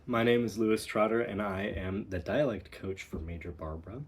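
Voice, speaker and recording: A man working as a dialect coach, walking students through a recorded lesson in an unhurried, explanatory way and repeating sample words so they can copy him. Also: fairly low pitch, breathy edge. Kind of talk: recorded instructional walkthrough.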